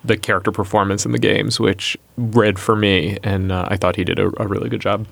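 A low-pitched man with a strong gravelly fry, chatting matter-of-factly on a podcast. The sound is dry and close to the mic. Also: little pitch movement, fairly quick, no echo. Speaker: podcast panelist. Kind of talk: casual chat.

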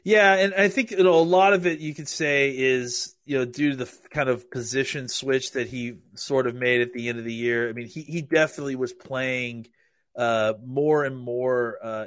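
A man's voice: mid-range voice, steady tone, moderate pace, a bit bright, no room sound, studio quality. A man analyzing football in casual podcast talk, rambling with frequent restarts.

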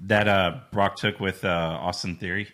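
A man's voice: low voice, fairly even intonation, moderate pace, a bit bright. A man co-hosting a casual podcast chat, chiming in with short, wry remarks. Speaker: podcast co-host.

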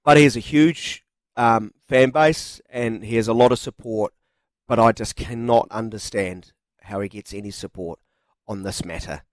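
A man's voice: fairly low pitch, normal speed, no echo. A man co-hosting a sports radio show, chatty and jokey. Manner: chatty, reads quotes aloud, jokey. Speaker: radio co-host. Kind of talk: casual sports radio chat.

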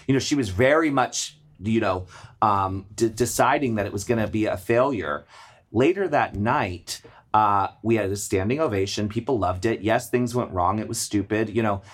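A man's voice: fairly low pitch, moderate pace. A man, a drag performer and theater producer, chatting on a podcast and telling stories with bursts of laughter. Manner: animated storyteller, bursts of laughter. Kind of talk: casual podcast chat.

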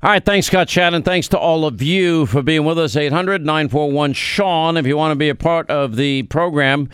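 A man's voice: a little high, moderate pace, fairly bright tone, clean tone, no echo, studio quality. An American man hosting a talk radio show, delivering an emphatic, conversational monologue with frequent restarts. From United States.

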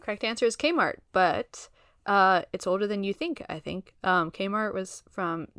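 A woman's voice: mid-range voice, measured pace, a bit bright, clear, resonant tone, no room sound, studio quality. Woman reading out quiz answers. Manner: laughs easily, reads answers plainly. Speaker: quiz host.

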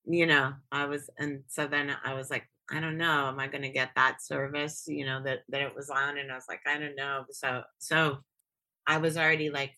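A woman hosting a podcast, chatting excitably and rambling, swearing freely. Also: rumbling low, normal speed. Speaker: podcast host. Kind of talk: casual podcast chat.

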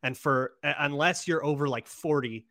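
A man's voice: a little high, moderate pace, sharp tone. A man hosting a sports podcast, setting up topics in a wry, teasing, casual way. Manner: steering the conversation, wry and teasing.

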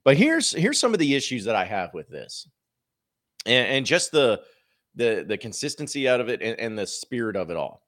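A man's voice: mid-range voice, very animated, normal speed, a bit bright. A man hosting a sports podcast, giving opinionated, rambling commentary with plenty of filler words.

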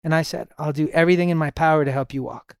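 A middle-aged man, a podcast guest, telling stories in a relaxed way and often saying "you know". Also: fairly high pitch, fast, clear, resonant tone, dry recording, studio quality. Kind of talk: casual storytelling conversation.

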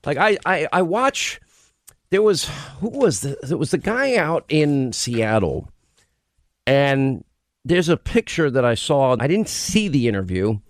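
Hosting a radio talk show, a man with a fairly high voice speaks at a measured pace yet sounds very animated. His impassioned, emphatic monologue keeps restarting, and the studio microphone yields a dry recording.

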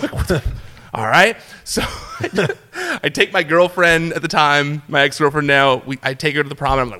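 A young man telling a wild story in a relaxed chat, his voice bright and sitting a bit high for a man. He stumbles through restarts and fillers and jumps up in pitch whenever he acts out what someone said. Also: brisk. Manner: animated storyteller, acts out quotes in a higher voice, many fillers and restarts. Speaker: podcast guest, former entertainment reporter.

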